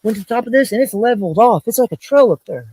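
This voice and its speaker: A man's voice: sits high, animated, racing, dark tone, slight background noise, low-quality recording. A man, casually rambling as he walks and guides someone through rural woods outdoors. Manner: rambling, streetwise, full of fillers. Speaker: local guide. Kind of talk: casual chat while walking.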